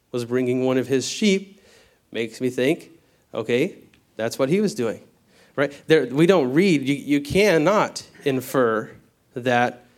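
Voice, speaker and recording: A man preaching a Bible teaching sermon in a conversational way, often checking in with the congregation and slowing down to explain word meanings. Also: mid-range voice. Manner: conversational, peppered with "okay?" checks.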